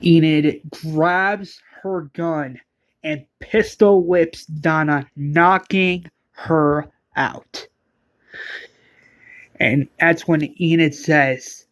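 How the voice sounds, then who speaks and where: Slow, halting male storyteller. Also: a little high, steady tone, no echo. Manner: informal, halting, many restarts. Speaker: narrator. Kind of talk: casual storytelling narration.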